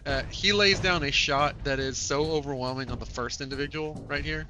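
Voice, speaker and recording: A man narrating a tabletop game as game master, with a halting delivery full of filler sounds. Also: fairly high pitch. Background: music.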